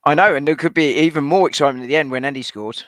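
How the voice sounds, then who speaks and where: Quick talking guy breaking down the team sheet, dry close mic. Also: on the high side, a bit bright, no echo. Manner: quick, analytical, laughs easily. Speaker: guest pundit. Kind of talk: casual football chat stream. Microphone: home computer mic on a video call.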